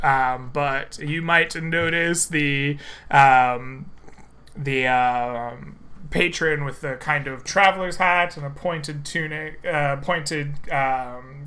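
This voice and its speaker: Male game master, slow unhurried narration, very bright tone. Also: a little high. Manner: relaxed, descriptive, with fillers.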